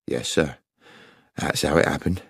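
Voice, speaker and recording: A man's voice: a little slow, creaky, fairly bright tone, husky, dry recording, clean studio sound, exaggerated voice. A man voicing a weary, defensive male railway guard in an audiobook, respectful but protesting. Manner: respectful, protesting, raised pitch.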